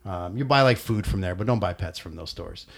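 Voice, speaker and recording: A middle-aged man telling a family story in casual chat, expressive and peppered with swearing and ums. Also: sits low, a little fast, vocal fry, slightly rough. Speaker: podcast co-host.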